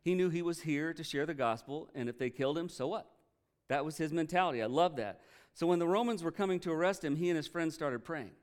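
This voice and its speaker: Earnest preacher man with a smooth voice. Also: fairly high pitch, quick pace. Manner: earnest storytelling, emotional, retells quotes with energy. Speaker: pastor. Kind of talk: sermon.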